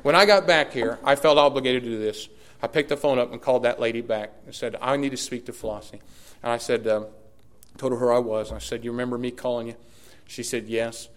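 A man, a pastor preaching a sermon and telling a story with lively, emphatic repetition. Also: medium pitch, a little fast.

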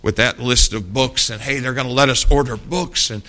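A man's voice: mid-range voice, fairly even intonation, moderate pace, bright, forceful tone. A middle-aged man preaching a sermon, telling folksy stories and asking rhetorical questions.

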